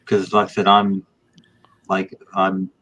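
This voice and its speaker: Halting man hosting from home. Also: low-pitched, completely flat delivery, sharp tone, poor audio. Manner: halting, full of "uh" and "um". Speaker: show host. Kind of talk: hosting a casual live stream. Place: shared room at home.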